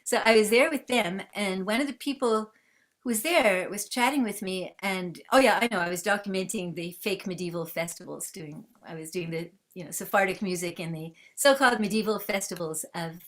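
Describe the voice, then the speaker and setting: Woman, from Canada, conversational storytelling, lively, acts out dialogue, mid pitch, video call audio. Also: a little fast. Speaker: guest, musician and researcher.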